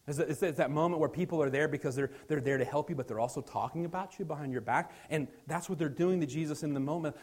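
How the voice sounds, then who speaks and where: A man in his thirties preaching a sermon, earnest, moving between loud emphasis and soft, hushed lines. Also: fairly high pitch, fast talker, few pauses. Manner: earnest, shifts from loud stress to quiet near-whispers. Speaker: pastor.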